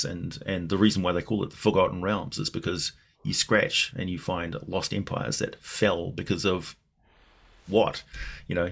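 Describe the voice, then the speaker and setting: A man's voice: low voice, creaky. A man who makes videos, chatting casually in a rambling, thoughtful way full of fillers and restarts. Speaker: video creator. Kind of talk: casual chat.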